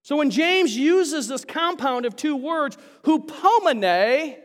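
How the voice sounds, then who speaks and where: A man preaching a sermon to a congregation, chatty with restarts and then rising to animated, emphatic bursts. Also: very high-pitched, measured pace. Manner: chatty asides, frequent restarts. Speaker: pastor. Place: large church sanctuary. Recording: long hall reverb.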